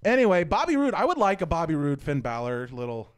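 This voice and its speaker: Young male co-host, playful and animated, high-ish voice with a lively swing. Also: fast talker, clean tone. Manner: jokey, animated, playful teasing. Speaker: podcast co-host. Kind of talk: casual chat about wrestling.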